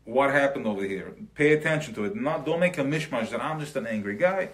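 A man's voice: mid-range voice, lively intonation, brisk. Conversational man teaching a class. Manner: loose and conversational, mixing in Yiddish terms; checks in with listeners, acts out everyday examples. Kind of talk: live recorded Chassidic class.

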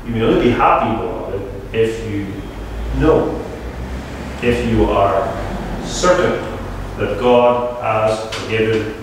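A man's voice: on the low side, slow pace, pauses often, background noise. A man preaching a sermon as pastor, stressing key words by repeating them. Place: church. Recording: echoey church hall from far off.

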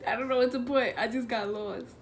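A woman's voice: a little high, fairly even intonation, a little fast, a little hiss or hum. A young woman chatting casually in a prank vlog, slangy and swearing, often giggling. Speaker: vlogger.

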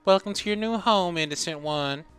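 A man voicing a gentle, motherly old goat-woman caretaker in a put-on Southern US accent. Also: high voice, normal speed, clean tone, soft background music, pitched above the performer's own voice. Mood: welcoming. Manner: gentle, motherly, calls you sugar.

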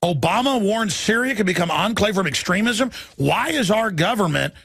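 A man hosting a talk radio show with a gravelly, husky, fairly high voice. He sounds urgent as he stacks topics with many fillers, recorded close and dry. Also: lively intonation, moderate pace, fairly bright tone, no room sound.

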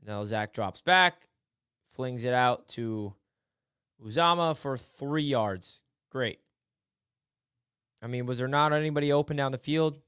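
A man hosting a casual football film breakdown, excitable, dropping to low mutters and then shouting in frustration or delight. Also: unhurried, pauses often, smooth, no room sound, studio quality. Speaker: sports film breakdown host.

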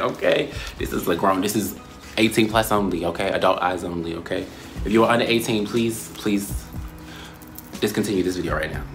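A young man in a casual vlog, talking in a playful, slangy way and often breaking into high squeals. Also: moderate pace, fairly bright tone, faint music behind. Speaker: YouTuber.

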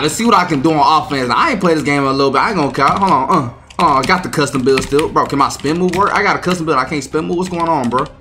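A young man giving loud, slangy, trash-talking commentary while playing a basketball video game. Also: fairly high pitch, slight background noise. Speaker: gaming YouTuber. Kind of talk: gameplay commentary.

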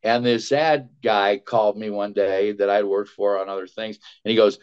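A man with a fairly low voice tells showbiz stories in a chatty, animated way, full of quick asides. He is a voice actor speaking as a guest. The sound is dull and lo-fi. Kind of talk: casual storytelling.

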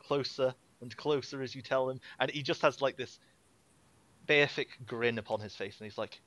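A man's voice: mid-range voice, moderate pace, a bit bright, no room sound, poor audio. Man narrating a tabletop game. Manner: rambling, filler-heavy description. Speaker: game master.

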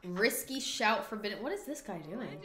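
Excitable woman doing game commentary, roomy. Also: mid-range voice, moderate pace. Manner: excitable, swears freely, joking self-mockery. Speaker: gaming video host. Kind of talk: let's-play commentary. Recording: roomy room sound.

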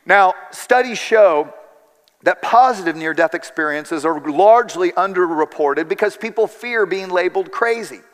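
High-voiced man preaching in a reverberant hall. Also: expressive, normal speed. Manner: earnest storytelling with quoted dialogue. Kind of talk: sermon.

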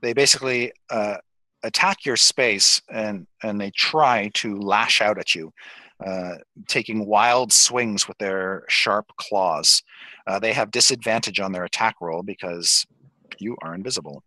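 A man narrating as dungeon master, relaxed and pausing often as he describes the scene and rules. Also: fairly low pitch, dry recording, low-quality recording. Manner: relaxed, with frequent pauses and fillers. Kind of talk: narrating a tabletop game.

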